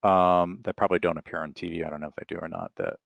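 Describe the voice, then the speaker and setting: Deep gravelly middle-aged man, relaxed. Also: racing, no echo, narrow, tinny audio. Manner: relaxed, rambling storyteller. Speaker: author guest. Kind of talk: casual interview talk.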